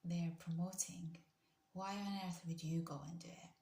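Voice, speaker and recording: A woman's voice: on the low side, fairly even intonation, moderate pace, dark tone. Chatty woman streaming in an echoey room. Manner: chatty, rambling, asks viewers questions. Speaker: livestream host. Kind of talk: casual livestream chat. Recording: echoey room with faint noise.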